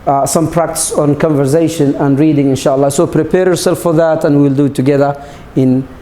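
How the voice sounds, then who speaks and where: A man's voice: on the high side, fairly even intonation, a little fast, warm tone, reverberant, slight background noise. A male English teacher, a native Arabic speaker, explaining a lesson with many restarts and repeated words, now and then adding Arabic glosses. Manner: repeats himself, stumbles, adds Arabic glosses. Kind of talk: recorded classroom lesson.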